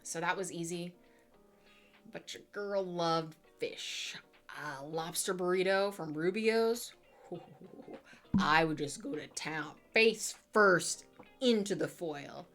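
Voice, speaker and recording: A woman's voice: lowish voice, moderate pace, fairly bright tone, faint music behind. A woman in her twenties chatting casually with her live chat as a streamer, full of fillers and playful asides.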